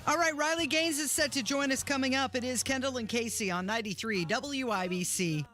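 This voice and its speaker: Bright higher-voiced male radio co-host. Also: fairly quick. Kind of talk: casual talk radio banter. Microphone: studio mic.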